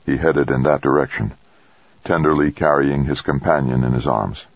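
A man narrating an audiobook in an even, measured storytelling manner. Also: a bass voice, dry recording, highs cut off. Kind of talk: scripted narration.

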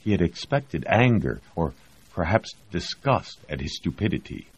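Deep husky male audiobook narrator. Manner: measured, expressive storytelling. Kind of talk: scripted narration. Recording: dull lo-fi recording.

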